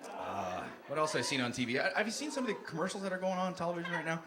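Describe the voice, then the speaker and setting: A man performing an animated stand-up comedy set on a club stage, shouting his punchlines in put-on voices. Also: on the high side, racing, heavy background noise. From Canada. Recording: live club recording with loud crowd laughter.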